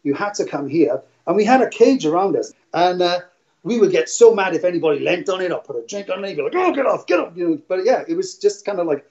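Middle-aged man, rambling storyteller who laughs often; lightly raised pitch, muffled lo-fi recording. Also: lively intonation, fast, a little mellow. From Wales. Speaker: guest, casino dealer. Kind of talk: casual interview storytelling. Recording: dull lo-fi audio.

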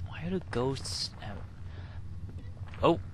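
A man's voice: mid-range voice, lively intonation, extremely slow. A man hosting a let's play, casually commenting and reacting aloud as he plays a game. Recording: audible background noise.

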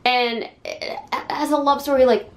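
A woman's voice: high voice, steady tone, a little slow, soft background music. Frank young woman reviewing a book. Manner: frank, exasperated, filler-heavy.

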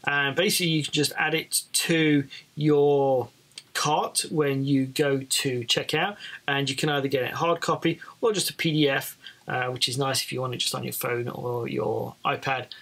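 A man talking casually as a flight instructor, explaining things in a relaxed way with frequent fillers. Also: medium pitch, normal speed.

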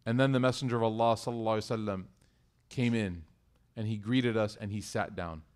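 A man telling a religious story to a congregation, animated, swinging between loud emphasis and hushed asides. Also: lowish voice, fast talker. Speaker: community religious speaker.

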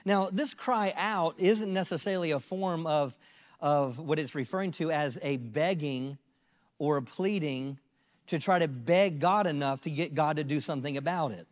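A man in his fifties preaching in a church sanctuary, his voice pitched high for a man. He talks earnestly and circles back on his phrases to drive them home. The sound rings with a long echo through the hall. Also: normal speed. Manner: earnest, repeats phrases for emphasis. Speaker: pastor. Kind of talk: sermon.

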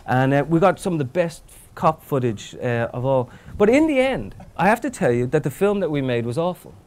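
A man telling a lively anecdote on stage, acting out quoted voices with a light, slightly high voice. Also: fairly quick. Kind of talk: storytelling on stage.

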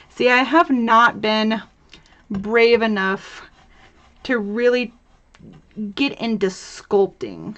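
A woman's voice: fairly high pitch, steady tone, takes it slowly, a bit bright. Chatty young woman hosting a craft livestream. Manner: chatty and bubbly, reads chat aloud, laughs often. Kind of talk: live crafting tutorial chat.

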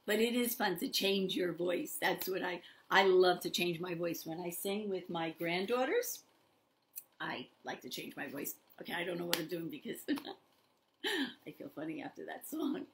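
An older woman leading a toddler story time, talking straight to small children in an animated, sing-song way. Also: on the low side, normal speed, slight background noise. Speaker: children's librarian.

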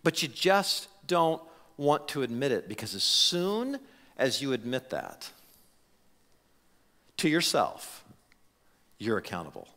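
A man preaching a conversational sermon as pastor, animated, with frequent restarts and repeated words. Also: mid-range voice, slow pace, long pauses. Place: church sanctuary. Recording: reverberant church hall.

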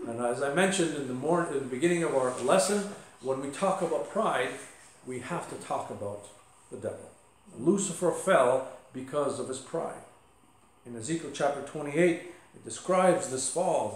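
A man's voice: mid-range voice, expressive, normal speed. A male pastor giving a conversational sermon with asides and light humor. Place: church sanctuary. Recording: echoey church sanctuary.

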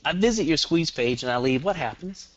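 A middle-aged man with a Southern US accent giving a webinar lesson, talking fast and rambling with jokes. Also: a little high, animated, fairly bright tone, slight background noise. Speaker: guest webinar trainer. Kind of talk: online marketing webinar. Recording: dull lo-fi dry webinar audio.

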